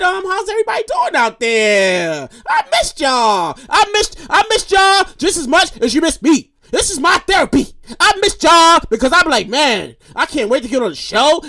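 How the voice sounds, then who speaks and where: A podcast host in their thirties rambles through a casual, profane monologue, repeating phrases for emphasis. The voice sits high, bright and forceful, with studio quality and no room sound.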